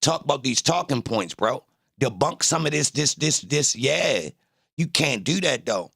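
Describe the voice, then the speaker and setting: A young man with a Baltimore accent and a very gravelly, fry-heavy voice talks to his stream chat. He trash-talks and brags. The sound is close and dry, with no room around it. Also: medium pitch, animated, unhurried, a bit bright, no room sound. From Baltimore, Maryland. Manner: boastful, trash-talking with the chat. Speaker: livestream host. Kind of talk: casual livestream chat.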